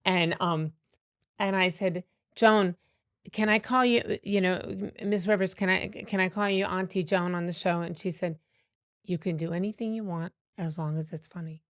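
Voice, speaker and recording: Lively storytelling woman with a low voice. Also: normal speed, dry recording, studio quality. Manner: animated anecdotes with many fillers and restarts. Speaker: comedian guest. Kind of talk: storytelling in a podcast interview.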